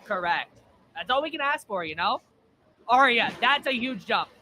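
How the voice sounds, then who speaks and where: A man live streaming a game, excitable and chatting with his AI co-host. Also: very high voice, normal speed, a little hiss or hum. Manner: excitable, laughing.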